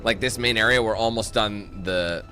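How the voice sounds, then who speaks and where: A man's voice: fairly low pitch, moderate pace, sharp tone, faint music behind. A young man giving casual, blunt, swearing commentary over video game play. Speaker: gaming YouTuber.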